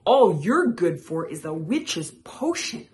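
A woman voicing a boastful, quick-tempered male frog who squabbles in loud taunts for a storybook reading. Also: fairly low pitch, sing-song, a little hiss or hum, heavily acted. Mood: squabbling.

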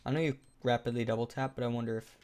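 A young man giving live commentary over his own video game match, in a sarcastic and excitable play-by-play manner. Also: medium pitch, very fast, clear, resonant tone. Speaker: gaming YouTuber.

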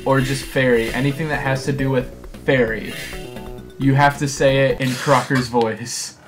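A man's voice: medium pitch, level tone, normal speed. A young man bantering as co-host of a let's play, joking and teasing. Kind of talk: casual banter. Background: game music.

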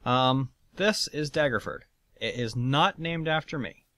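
A man's voice: mid-range voice, expressive, measured pace, pushed and bright. A man hosting a let's play, chatting casually and swearing as he guides a tour through a game world. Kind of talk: casual gameplay commentary.

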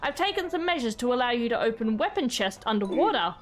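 A woman's voice: on the high side, sing-song, fast talker. A woman voicing an eccentric male weapons master, reading game dialogue in close to her own voice. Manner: reads game text, tagging "you could say".

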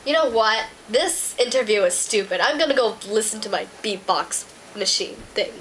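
A woman's voice: mid-range voice, lively intonation, moderate pace, fairly bright tone, slight background noise, close to an everyday voice, poor audio. A woman voicing a grumpy, rude male plush toy in a playful homemade role-play interview, with blunt, sulky remarks.

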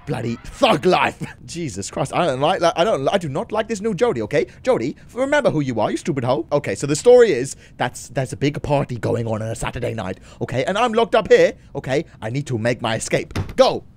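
A young man giving excitable let's play commentary, laughing and swearing. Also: fairly high pitch, a little fast, hardly any pauses. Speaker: gaming channel host.

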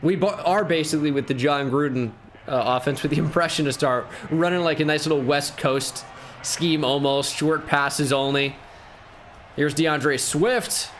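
An upbeat man commentating his own football video game, his voice sitting a little high. He thinks out loud and breaks into sudden hype on big plays, over a faint hiss behind him. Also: moderate pace. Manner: excitable, thinking aloud, bursts of hype. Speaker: gaming YouTuber.

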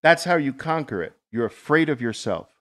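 A middle-aged man hosts a live coaching session for traders. He speaks in an emphatic, motivational way and tells stories dramatically. His mid-pitched voice rises and falls with lively, animated intonation. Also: moderate pace. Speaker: trading coach host.

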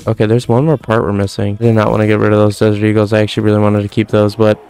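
A man's voice: lowish voice, monotone, very fast, a little mellow, clear, resonant tone, soft background music. Rambling young man commenting on gameplay. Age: 20s. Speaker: gaming commentator.

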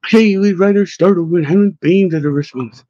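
A man narrating a novel in steady scripted reading, with occasional slips. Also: high-pitched, brisk, no room sound, lo-fi sound. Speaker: audiobook narrator.

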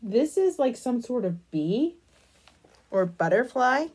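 A woman chatting casually in a crochet vlog, gushing over a pattern book and trailing off into soft murmurs. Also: a little high, big pitch swings, slow, vocal fry, husky. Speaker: crochet vlogger.

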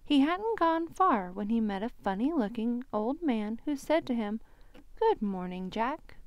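A woman librarian reading a children's storybook aloud, slow and expressive. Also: on the high side, dry recording, dull audio.

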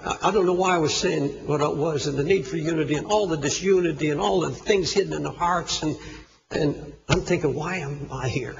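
A man's voice: on the high side, a little fast, vocal fry. A man preaching a sermon, telling a story with fervent, impassioned delivery. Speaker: pastor. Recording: echoey hall, dull lo-fi recording.

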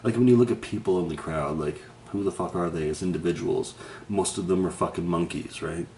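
A man's voice: low voice, brisk, mellow, slight background noise. A man talking to the camera in a rambling personal monologue, swearing constantly and laughing between thoughts. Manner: profane, rambling, laughs often. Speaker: vlogger.

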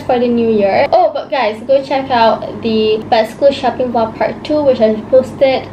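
Malaysian woman vlogger, bright higher voice, excitable chatter, faint background noise. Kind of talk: casual vlog chat.

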